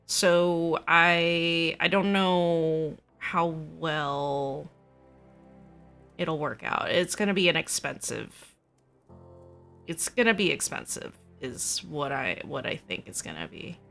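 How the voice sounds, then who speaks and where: A woman's voice: low voice, slow pace, creaky, a bit bright, soft background music. A woman hosting a let's play, commenting in a playful, rambling, self-mocking way. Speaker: gamer host.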